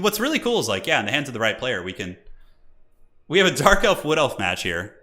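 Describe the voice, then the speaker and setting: Male streamer-caster, chatty live commentary, lively pitch swings, bright forward tone. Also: a little fast. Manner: animated, chatty, talks to viewers in chat.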